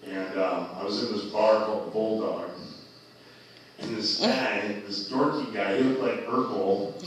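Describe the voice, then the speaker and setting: A man's voice: lowish voice, fairly even intonation, unhurried, a little hiss or hum. A man telling a rowdy personal story in casual chat, loose and profane, often laughing as he talks. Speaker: storyteller guest. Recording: very echoey, distant mic.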